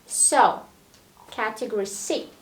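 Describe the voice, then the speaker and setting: A woman teaching English verbs, saying each form slowly and clearly and often checking in with the learner. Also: a little high, reverberant. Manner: drills verb forms one word at a time, checks in with "all right?". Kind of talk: slow, deliberate language lesson.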